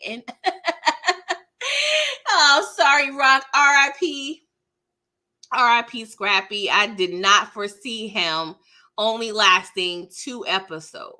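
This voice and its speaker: A woman's voice: medium pitch, a little slow. A woman hosting a live TV recap, chatting casually with lots of laughs and acting out characters' lines. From California. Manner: animated, laughing, acts out characters mid-story. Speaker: TV recap host.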